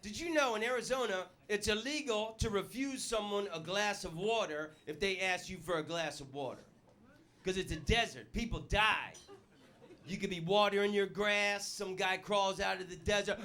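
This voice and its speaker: A man performing a stand-up comedy set in a club, with a loud, punchy delivery. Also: high-pitched, normal speed. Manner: loud punchy delivery, puts on voices for jokes.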